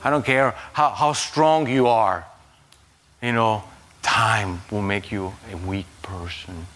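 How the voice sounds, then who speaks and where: A male pastor preaches a sermon slowly and haltingly, repeating words. He swings without warning between a low murmur and a loud, high cry.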